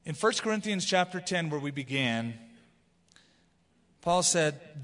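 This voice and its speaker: A pastor with a fairly high, slightly bright voice preaches animatedly at a measured pace, pausing often. He teaches through the Bible and reads scripture aloud with expression, and the recording carries long hall reverb.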